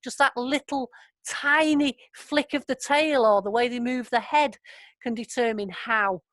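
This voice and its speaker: A woman's voice: a little high, fairly even intonation, unhurried, a bit bright, no room sound. A woman leading an online training session over a video call, chatty and affirming. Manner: chatty, affirming, laughs often. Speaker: workshop facilitator.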